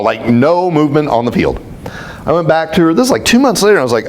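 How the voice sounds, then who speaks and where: A man speaking as a spiritual teacher, telling stories to a group in an animated, self-mocking way. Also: on the high side, a little fast, slight background noise. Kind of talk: storytelling talk to a group.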